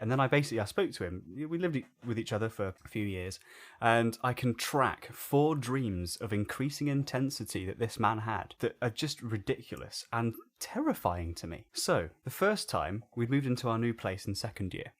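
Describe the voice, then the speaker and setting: Podcast co-host, man in his twenties, lively storyteller who swears and acts out quotes. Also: medium pitch, normal speed. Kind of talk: casual storytelling.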